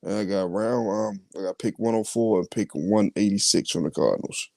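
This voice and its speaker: A man with a low, mellow voice hosts a podcast and runs through his draft picks one by one. He talks casually and haltingly, with plenty of "uh" and "um" and the odd cough. The sound is dry and close. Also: vocal fry, dry recording. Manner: halting, many fillers and coughs. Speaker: podcast host. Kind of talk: casual chat reading mock draft picks.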